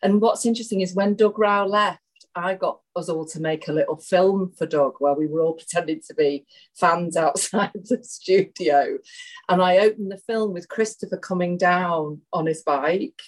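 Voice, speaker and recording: An actress guest telling stories in a casual chat, acting out what people said. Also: female voice, fairly low pitch, normal speed, low-quality recording. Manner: lively storyteller, quotes people.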